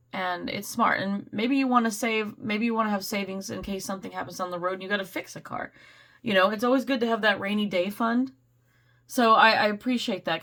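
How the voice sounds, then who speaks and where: A woman giving a casual, rambling tarot reading, slightly hoarse, clearing her throat and laughing often. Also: medium pitch, a bit bright. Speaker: tarot reader.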